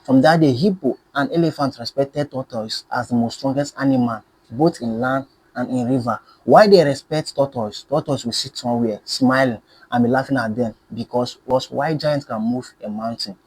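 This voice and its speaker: A man telling a folktale in an animated, emphatic way, repeating phrases for effect. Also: mid-range voice, normal speed, hardly any pauses, breathy edge. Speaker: storyteller. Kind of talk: folktale storytelling.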